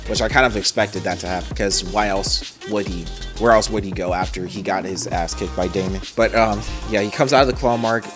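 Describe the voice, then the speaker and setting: Low-voiced man reacting to manga. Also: brisk, hardly any pauses, music in the background. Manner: casual, rambling, frequent restarts and laughs. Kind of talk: casual reaction commentary, reading manga aloud.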